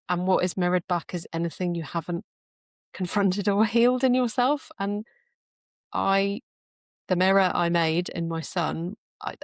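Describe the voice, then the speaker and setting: Low-voiced woman telling stories. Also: no echo, studio quality. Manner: reflective storytelling, laughs often. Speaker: podcast speaker. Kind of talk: casual conversation.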